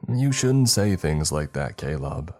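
A gentle teenage boy with a Southern US drawl, as a man voices him in a spoken story. His words stretch out softly over a very deep register. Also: very animated, a little slow, exaggerated voice. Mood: concerned.

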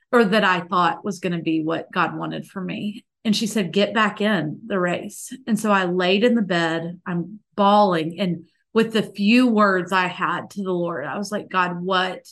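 Woman, earnest, emotional, halting with likes and restarts, faith story guest. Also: lowish voice, fairly bright tone. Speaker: podcast guest. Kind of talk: personal faith story in an interview.

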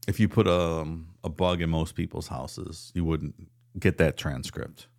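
A man's voice: a bass voice, steady tone, a little slow, a little mellow. A man co-hosting a casual podcast chat, laid-back and laughing easily. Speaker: podcast co-host.

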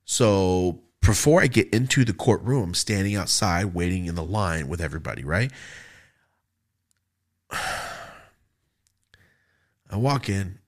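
A man hosting a podcast, telling a story in a casual, profane, animated way and acting out other people's lines. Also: low voice, slow pace, pauses often. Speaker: podcast host.

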